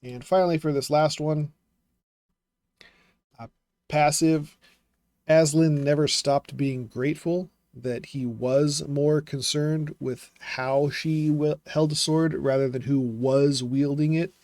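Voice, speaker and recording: A man talking through writing advice in a casual vlog, thinking aloud with fillers and quick self-corrections. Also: fairly high pitch, fairly even intonation, a little mellow, dry recording. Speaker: self-publishing vlogger critiquing writing.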